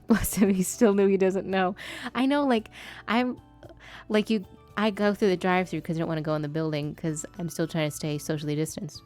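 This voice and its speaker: A woman's voice: fairly low pitch, a little mellow. A woman streamer chatting casually while she draws, swearing freely and now and then putting on a polite customer-service voice.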